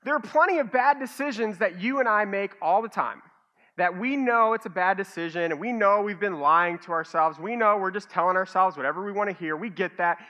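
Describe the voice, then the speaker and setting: A man preaching a sermon as a pastor, telling stories with animated, self-mocking humor. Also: high voice, brisk, dull audio. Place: church stage.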